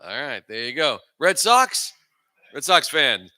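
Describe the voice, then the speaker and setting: In a mid-range, pushed and bright voice with lively intonation, a man in his 40s hosts a comedy open mic at normal speed. He wanders loosely through his stand-up set, landing dry jokes at his own expense.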